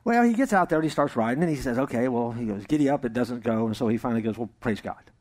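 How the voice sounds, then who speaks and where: A male pastor delivers a sermon in a middle-pitched voice, turning storyteller as he acts out the characters in a joke. His tone jumps between a loud, high register and a quiet, low one as the story moves. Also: quick pace. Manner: animated storytelling, jokes and acted-out voices. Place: church service with congregation.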